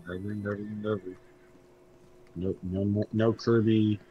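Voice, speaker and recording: A woman's voice: rumbling low, flat delivery, unhurried, highs cut off, a little hiss or hum. A woman chatting casually with a streamer in a teasing, dry way. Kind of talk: casual chat.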